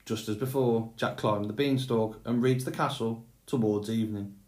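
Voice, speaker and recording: A man reading a fairy tale aloud in a measured, unhurried way. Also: fairly low pitch, fairly even intonation, darkish tone, roomy sound. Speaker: storyteller. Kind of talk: storybook read-aloud.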